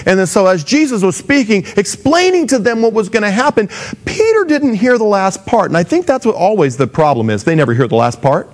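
A man's voice: high voice, very animated, normal speed, pauses often. A man preaching a sermon in a casual, conversational way, acting out the voices of the people he quotes. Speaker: pastor.

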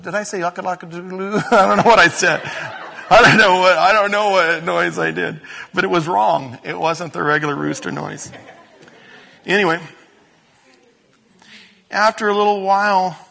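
A man's voice: high-pitched, fairly even intonation, moderate pace, gravelly, pushed and bright. A male pastor preaching a sermon in a church, telling the story with jokes and acting out the scenes. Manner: jokey, storytelling preacher who acts out scenes.

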